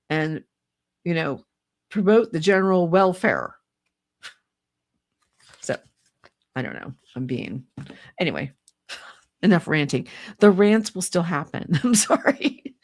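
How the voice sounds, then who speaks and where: An older woman speaking as a psychic reader on a casual livestream, rambling and exasperated, with restarts and little laughs. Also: fairly low pitch.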